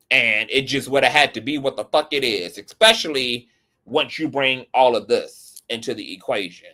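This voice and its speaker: A man's voice: mid-range voice, normal speed, bright, forceful tone. A man giving casual, opinionated celebrity gossip commentary, blunt and profane.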